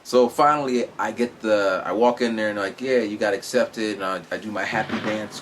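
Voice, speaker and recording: A young man casually telling a personal story, animated, acting out other people's voices. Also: on the low side, moderate pace, hardly any pauses, over music. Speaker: vlogger telling his story.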